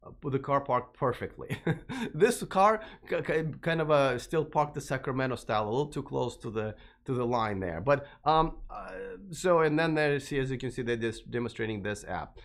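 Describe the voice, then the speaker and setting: A man's voice: mid-range voice, lively intonation, moderate pace. A man hosting a live stream about electric cars, rambling casually with many fillers and restarts. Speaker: host of an electric car channel.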